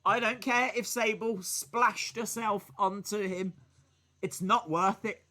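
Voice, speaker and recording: A man calls wrestling action live for his stream, joking and breaking into shouts. His voice is high for a man and very bright, and he swings through a wide pitch range while unhurried between outbursts. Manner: excitable, joking, bursts into shouts. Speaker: streamer hosting a wrestling watch-along. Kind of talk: live reaction commentary.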